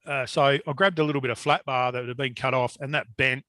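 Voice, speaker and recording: A man telling a long story in casual chat, animated and swearing freely. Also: mid-range voice, fast talker, dry recording.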